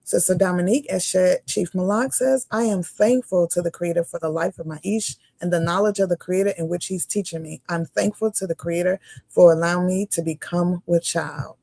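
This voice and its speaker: A woman's voice: lowish voice, steady tone, fairly quick, mellow, no echo. A woman co-hosting a religious livestream, reading viewer comments aloud and often laughing.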